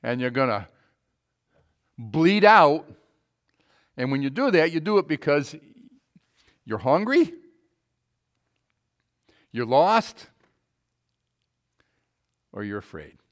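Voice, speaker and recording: A male preacher giving a sermon to a congregation in a church, emphatic, putting questions to the listeners and moving between loud and quiet passages. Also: fairly high pitch, sing-song, slow pace, long pauses.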